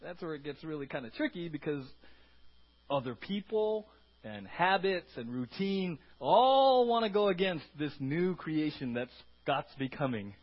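A man preaching a sermon in a lively, conversational way, often checking in with the congregation. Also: fairly high pitch, measured pace, dull audio. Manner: animated, conversational, repeats words and asks the congregation "right?". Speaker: pastor.

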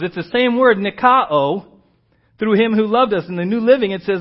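High-voiced animated preacher man, lo-fi. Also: normal speed. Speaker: pastor. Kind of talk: sermon.

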